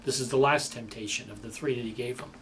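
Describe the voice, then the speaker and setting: A male preacher giving a sermon, with dramatic delivery that swings between loud emphasis and quiet passages. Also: medium pitch, steady tone, quick pace.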